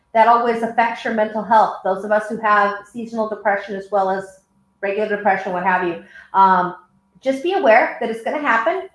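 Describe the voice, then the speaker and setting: A woman's voice: on the high side, reverberant, low-quality recording. A woman hosting a casual livestream, chatty and earnest, talking to viewers as y'all. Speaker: host. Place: home in Oregon.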